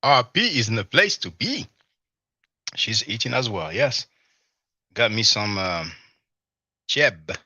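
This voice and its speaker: A man's voice: lowish voice, very animated, slow pace, pauses often, bright, forceful tone, husky, dry recording. A man hosting a live stream, chatting loosely with viewers and eating as he talks, with lots of "you know". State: talking while eating. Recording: slightly dull lo-fi stream audio.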